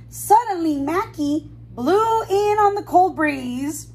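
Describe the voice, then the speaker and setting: A woman's voice: very high-pitched, big pitch swings, takes it slowly, hardly any pauses. Sing-song woman reading a storybook aloud. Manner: asks children questions, warm sing-song asides. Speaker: preschool teacher. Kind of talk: storybook read-aloud for children.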